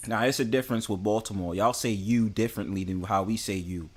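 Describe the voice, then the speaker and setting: A man's voice: on the low side, a little fast. A man with a New York accent hosting a casual live-stream group chat. He talks emphatically, repeats himself and talks over others.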